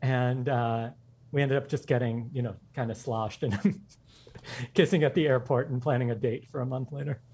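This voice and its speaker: A man's voice: mid-range voice, steady tone, a little mellow, husky. A man guesting on a podcast, telling personal stories with enthusiasm and frequent laughter. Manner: enthusiastic anecdotes, quick, laughing. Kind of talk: storytelling in a casual interview.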